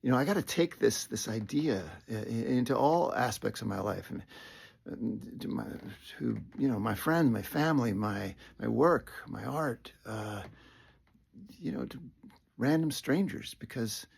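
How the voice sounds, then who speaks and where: A middle-aged man tells a personal story straight to the listener, thinking aloud as he goes. His voice is gravelly and husky, and he often restarts his sentences and sinks into soft, whispered asides. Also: medium pitch, lively intonation, a little slow.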